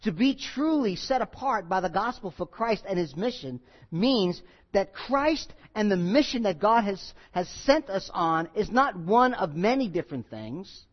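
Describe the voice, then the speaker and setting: A male pastor preaching a sermon, emphatic, repeating key phrases and swinging between loud and quiet. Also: sits high, big pitch swings, measured pace, muffled recording.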